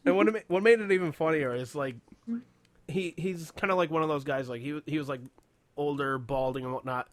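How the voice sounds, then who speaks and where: A man's voice: a little high, fairly quick, no room sound. A man hosting a casual radio chat, telling stories with lots of swearing and laughter. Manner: laughs often, swears, retells stories in quoted voices. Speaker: radio show host.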